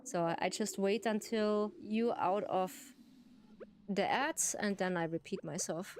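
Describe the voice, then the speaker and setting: A woman's voice: medium pitch, measured pace, darkish tone, a little hiss or hum. A woman with an Austrian accent, a native German speaker, chatting casually with viewers while streaming a game, giggling and often repeating herself. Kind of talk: casual livestream chat.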